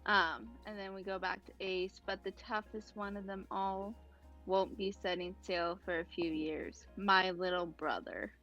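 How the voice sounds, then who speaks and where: A woman's voice: medium pitch, fairly even intonation, unhurried, bright, forceful tone, muffled recording, soft background music. A woman co-hosting a podcast, casually describing comic panels and reading out the dialogue, hesitant with many ums. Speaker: podcast co-host.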